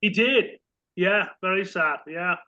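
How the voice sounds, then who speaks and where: A middle-aged English man with an English accent, a guest telling animated stories and acting out the voices of the people in them. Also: high-pitched, slow pace, lo-fi sound. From England. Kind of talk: casual storytelling.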